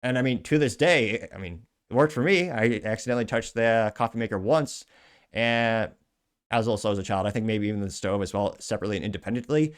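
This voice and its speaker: A man's voice: fairly low pitch, quick pace, clean tone. Sarcastic male commentary show host. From Cuban heritage. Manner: dry, sarcastic and joking, with self-deprecating asides. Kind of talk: online commentary reading social media comments.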